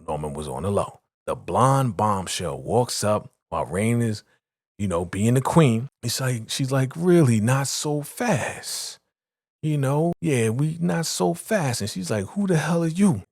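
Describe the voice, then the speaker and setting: A man with a lowish voice retells an episode in a casual recap, jumping into quick acted-out lines for each character. The recording is dry and close, with no room sound. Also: dry recording. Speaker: show recap host.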